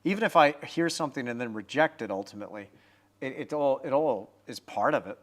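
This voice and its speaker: A man's voice: mid-range voice, lively intonation, fairly quick. A man in his forties hosting a livestream, painting while chatting upbeat and answering viewer comments.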